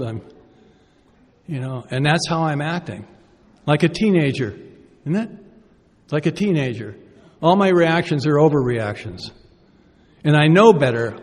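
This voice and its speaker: A man's voice: a little high, measured pace. Self-deprecating man speaking in a hall. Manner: conversational, self-deprecating, asks the audience rhetorical questions. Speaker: recovery meeting speaker. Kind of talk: personal recovery talk. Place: conference hall. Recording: reverberant hall.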